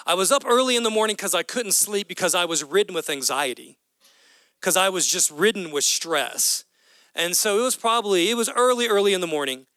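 A man in his thirties preaches a lively, conversational sermon, slipping into the dialogue he describes. His voice sits high and sounds bright and crisp. The sound is dry and close. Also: fairly quick, dry recording. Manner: animated and conversational, acting out dialogue. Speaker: pastor.

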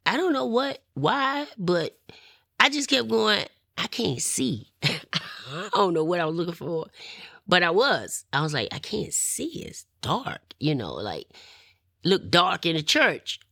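A middle-aged woman, telling her personal testimony in an animated way and acting out what others said. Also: fairly low pitch, unhurried, no room sound, clean studio sound. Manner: animated, acts out quoted voices, laughs often. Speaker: testimony speaker.

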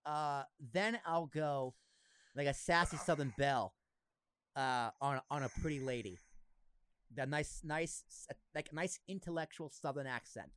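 A man with a Boston accent hosting a casual podcast chat, animated and joking. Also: on the high side, clean tone, no room sound. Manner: animated, joking, quick to laugh. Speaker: podcast host.

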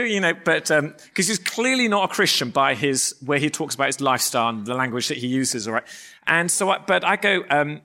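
A man, a pastor, preaching with lively stories and acting out voices. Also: fairly high pitch, a little fast. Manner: animated, acts out voices in anecdotes. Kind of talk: sermon with storytelling.

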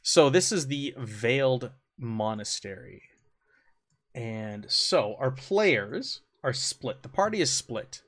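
Game master, average-pitched man, relaxed rambling narration. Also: takes it slowly. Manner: casual, rambling, with fillers.

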